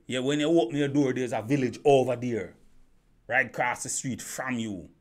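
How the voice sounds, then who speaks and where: A man holds forth to his camera in a running opinion monologue. He keeps asking rhetorical questions, circles back to the same points and trips over his own restarts, all at a mid pitch. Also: moderate pace. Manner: rhetorical questions, repeats himself, stumbling restarts. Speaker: YouTube commentator.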